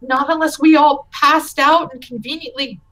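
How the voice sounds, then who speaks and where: Brief: woman game master, high voice, chatty narration. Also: fairly even intonation, normal speed, a bit bright, poor audio. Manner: chatty, with restarts and laughs.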